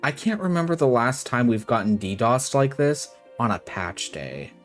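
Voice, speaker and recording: A man's voice: mid-range voice, very animated, moderate pace, soft background music. A man streaming a game live, chatting casually and sarcastically, swearing freely and reading game dialogue aloud.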